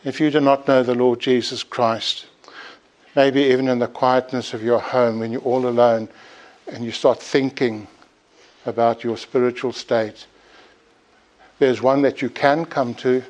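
A male preacher delivers a sermon at an unhurried, deliberate pace. His voice sits in an ordinary middle pitch. He speaks earnestly and pleads with his hearers, pressing harder as he makes his point. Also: steady tone, darkish tone. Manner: earnest, pleading exhortation with rising emphasis.

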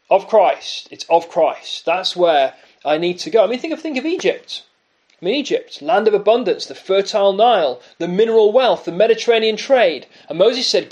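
A man preaching a sermon, emphatic and full of rhetorical questions and dramatic pauses. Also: sits high.

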